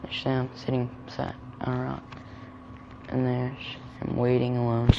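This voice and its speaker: A man reading a children's picture book aloud, adding gentle chatty comments about the pictures. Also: mid-range voice, monotone, measured pace, gravelly, highs cut off, heavy background noise. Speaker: storyteller.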